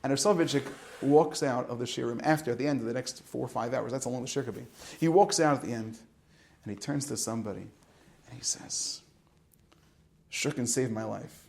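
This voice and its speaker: A middle-aged man, a rabbi, telling stories in a Torah talk to students, going from loud and animated to hushed. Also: mid-range voice, fairly quick, gravelly. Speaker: rabbi teaching at a yeshiva high school.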